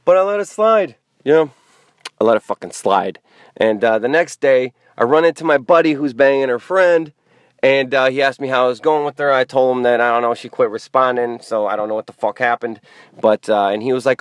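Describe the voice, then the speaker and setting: A man with a mid-pitched voice tells a rambling dating story, blunt and heavy on swearing. He talks in a loose, casual way with lots of fillers. The sound is dry and close, with no room echo. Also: fairly quick, smooth. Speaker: podcast host telling a dating story. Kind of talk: crude casual storytelling monologue.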